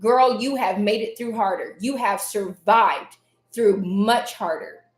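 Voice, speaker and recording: A woman's voice: medium pitch, takes it slowly. A woman hosting a live self-care talk, earnest and encouraging, repeating phrases for emphasis. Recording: echoey room.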